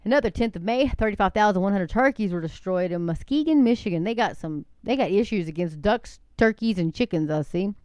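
A woman's voice: medium pitch, lively intonation, a little fast, few pauses, darkish tone, no room sound. A woman casually reading through a long list of incidents, often wandering off the list and calling her listeners "folks.". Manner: chatty, digressive, addresses listeners as folks. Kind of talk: casual monologue.

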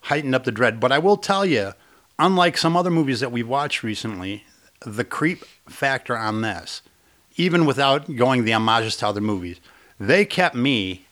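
A man's voice: mid-range voice, expressive, normal speed, fairly bright tone. Emphatic, profane man chatting films. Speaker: podcast co-host. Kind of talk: casual movie review chat.

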